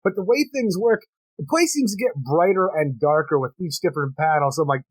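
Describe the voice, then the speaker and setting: Man co-host, a bit husky, slightly high pitch, dry booth sound, casual comics chat. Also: brisk, dry recording, poor audio. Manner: wry, deadpan jokes. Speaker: podcast co-host.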